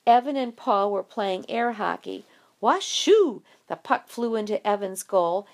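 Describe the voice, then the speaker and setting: A woman narrating an audiobook in a lively, expressive storytelling way. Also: mid-range voice.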